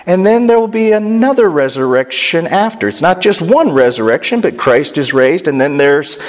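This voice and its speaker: Guy preaching a sermon, kinda high voice, chatty teaching tone, big echoey church sound. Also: expressive, normal speed. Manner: conversational teaching with chatty asides. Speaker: pastor. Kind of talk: expository sermon. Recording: long hall reverb.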